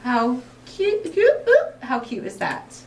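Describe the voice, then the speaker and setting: A woman's voice: high-pitched, wildly swooping pitch, slow pace. A woman hosting a casual crafting livestream, a chatty storyteller who laughs often. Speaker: craft show host. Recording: distant mic with faint noise.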